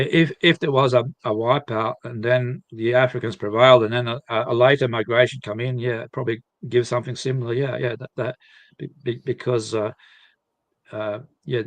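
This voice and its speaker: A man speaking as a guest at a live seminar, explaining in halting phrases with frequent restarts. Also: mid-range voice, dry recording. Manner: halting, many restarts and repeated words.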